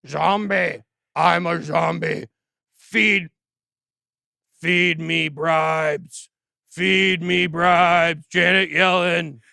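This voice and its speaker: A groaning zombie drags out each word in slow, loud moans, as a man puts it on as a joke. The voice is gravelly and dry. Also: on the high side, steady tone, dry recording, exaggerated voice. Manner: dragging, drawn-out moans. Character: groaning zombie begging for bribes.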